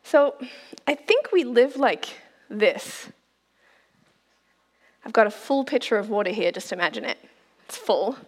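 A woman's voice: on the high side, very animated, unhurried, long pauses. A woman in her forties preaching a sermon in a chatty, playful way, laughing often. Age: 40s. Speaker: pastor. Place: church auditorium. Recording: long reverb of a hall.

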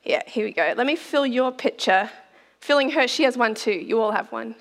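This is a woman pastor in her forties giving a chatty, playful sermon full of laughter, her voice a little high and at a normal speed. The church auditorium setting leaves a long hall reverb on the recording.

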